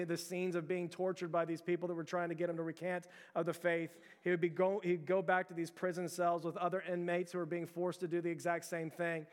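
High-voiced preaching man in a reverberant hall. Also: clear, resonant tone. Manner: earnest preaching, repeated restarts, addresses the church. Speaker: pastor. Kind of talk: sermon.

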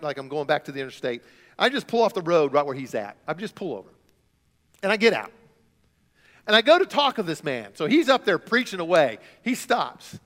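A man preaching a sermon as a student pastor, telling stories with big swings between quiet and loud. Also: fairly high pitch. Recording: long hall reverb.

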